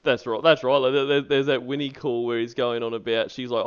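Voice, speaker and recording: A man's voice: mid-range voice, a little fast, hardly any pauses, clean tone. Wry man in casual lo-fi commentary. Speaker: podcast co-host.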